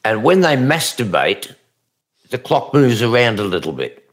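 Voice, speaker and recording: A man's voice: mid-range voice, sing-song, moderate pace. A man telling crude jokes on a radio show, acting out the characters in them. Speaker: radio co-host. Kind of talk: casual radio banter and joke telling.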